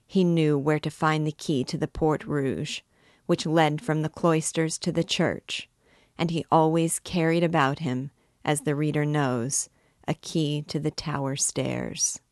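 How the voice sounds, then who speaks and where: Woman reading a classic novel aloud, low voice, unhurried, no room echo at all. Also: steady tone, darkish tone, clean studio sound. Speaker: book reader and guide.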